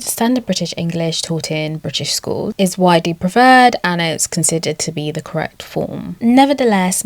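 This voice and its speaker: A woman narrates a scripted video essay in a fairly low voice with a gravelly, creaky edge. She reads in a measured, steady way from a prepared text. The sound is dry and close, with no room around it. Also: dry recording.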